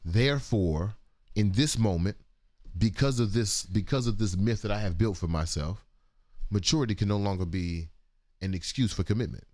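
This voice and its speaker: A man's voice: lowish voice, moderate pace, darkish tone. A man co-hosting a casual morning livestream talk show, joking and profane in loose banter.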